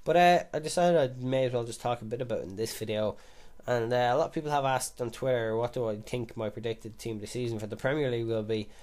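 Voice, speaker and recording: A young man giving casual live commentary over a football video game, chatty and swearing constantly, with sudden loud excited shouts. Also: mid-range voice, fast. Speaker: gaming YouTuber.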